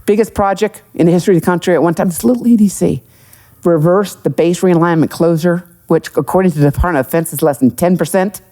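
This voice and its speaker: A woman's voice: fairly low pitch, fast. A middle-aged woman, an economic development executive, telling stories as a guest on a live podcast, with asides and jokes. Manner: animated storyteller, jokes and asides. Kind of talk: live podcast interview with audience.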